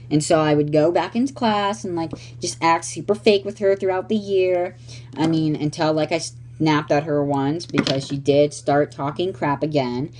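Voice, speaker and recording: Sassy low-voiced young woman vlogger. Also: normal speed, darkish tone, a little hiss or hum. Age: late teens. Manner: sassy, blunt and profane, calls people honey. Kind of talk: casual storytime vlog.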